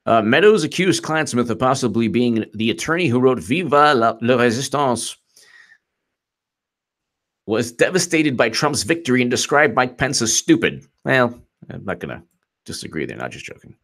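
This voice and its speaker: A man in his forties hosting casual political commentary, animated and quick to laugh, reading quotes aloud in a mocking tone. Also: mid-range voice. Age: 40s. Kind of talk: casual live-stream commentary.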